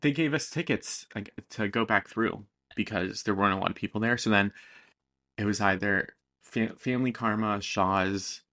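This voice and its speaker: Gravelly young man telling stories. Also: lowish voice, moderate pace. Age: young adult. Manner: animated storytelling with quoted voices. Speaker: podcast co-host. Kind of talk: casual chat.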